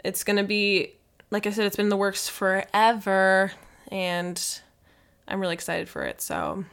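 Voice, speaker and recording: A woman's voice: medium pitch, lively intonation, unhurried, fairly bright tone, clean tone. A young adult woman co-hosting a podcast, chatting casually and filling her talk with "like.". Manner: chatty, lots of "like" fillers. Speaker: podcast co-host. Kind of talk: casual chat.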